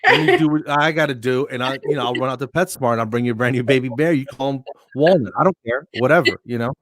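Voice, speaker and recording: A man's voice: medium pitch, quick pace, no echo, studio quality. A man from New Jersey, a comedian guest, telling funny stories in casual chat and acting out what people said. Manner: animated anecdotes with acted-out quotes.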